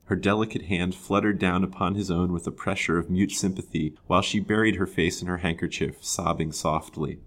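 A man reading a period novel aloud in measured, expressive narration. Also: sits low. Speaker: storyteller. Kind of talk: storybook reading.

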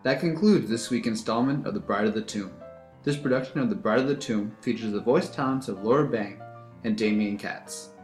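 A man announces the closing credits with plain, steady delivery. The room rings noticeably, and faint music plays underneath. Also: on the low side, brisk, echoey room. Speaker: podcast announcer. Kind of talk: scripted outro.

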